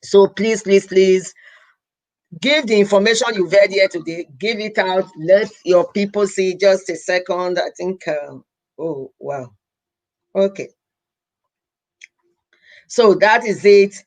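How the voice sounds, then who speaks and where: Her medium-pitched, darkish voice moves slowly with long pauses as this young woman from Edo State, Nigeria, hosts a casual live stream as a healthcare professional. With a Nigerian accent, she pleads earnestly, repeats herself, and drops into Pidgin.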